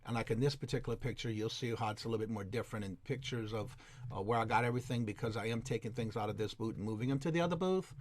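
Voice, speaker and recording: A man's voice: fairly low pitch, rapid-fire. A man giving a rambling, casual voice-over about his antique booth, full of fillers and restarts. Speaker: antique reseller and vlogger.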